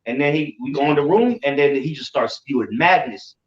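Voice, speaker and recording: A man telling a story in casual chat, animated, repeating himself and swearing freely. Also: mid-range voice, fairly quick. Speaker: religious group member. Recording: roomy, distant, dull sound.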